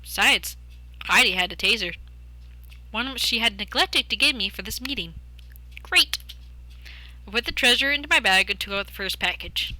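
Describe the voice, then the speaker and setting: A woman's voice: medium pitch, fairly quick, bright, forceful tone, dry recording. A young woman streamer, reading a game's story aloud and breaking off for jokey, chatty asides. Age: young adult.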